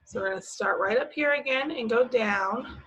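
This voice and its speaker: A woman teaches preschoolers slowly and patiently, asking the children questions and answering them herself with encouragement. Her voice is on the high side, a bit bright, with a breathy edge, and the audio is poor.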